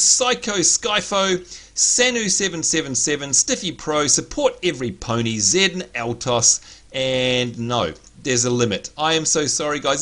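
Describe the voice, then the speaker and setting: An excitable man hosts a casual gaming livestream, calling out viewers by name as he talks. His voice is bright and forceful, pitched slightly high, with a little hoarseness. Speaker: livestream host.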